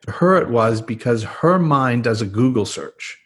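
A man's voice: medium pitch, animated, normal speed, fairly bright tone. Earnest man explaining in an interview. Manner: earnest explaining, acts out quoted lines. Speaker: guest, trauma expert. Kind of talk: podcast interview.

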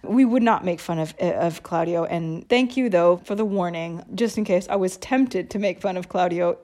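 Animated woman telling stories on a podcast. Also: lowish voice, moderate pace. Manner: animated storyteller, laughs easily. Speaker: podcast co-host. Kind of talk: casual podcast chat. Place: lives in Rome.

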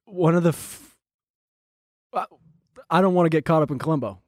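A man's voice: fairly high pitch, normal speed, no room sound, clean studio sound. Wry male podcast co-host from New Jersey. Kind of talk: casual comedic chat.

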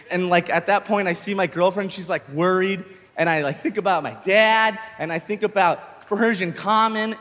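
A young man doing a stand-up comedy set, telling a story with animated delivery and shouted punchlines. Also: high-pitched, in a large hall. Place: comedy stage with live audience.

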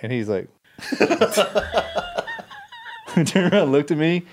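A man's voice: a little high, slow pace, background noise. A man telling training stories in casual chat, laughing as he goes. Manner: animated storyteller, laughs through his stories. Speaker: guest, retired Navy SEAL. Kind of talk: casual storytelling.

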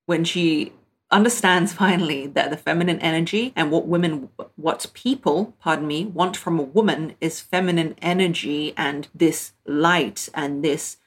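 A woman's voice: low-pitched, moderate pace, slight background noise. A pregnant woman hosting relationship advice in a breezy, direct way, acting out playful little quotes as she talks. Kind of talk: casual advice talk.

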